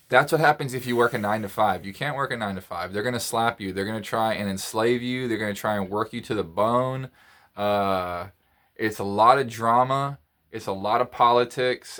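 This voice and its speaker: A man's voice: on the low side, moderate pace, a bit bright. A man telling a story in a casual monologue, rambling, repeating phrases and restarting his sentences. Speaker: podcast host.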